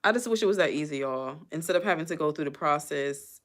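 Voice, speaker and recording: A middle-aged woman with a low voice chats on a live stream in a loose, casual way. She muses aloud and drifts from one thought to the next. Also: animated, fast talker. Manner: chatty, musing aloud, drifts between topics. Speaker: vlogger.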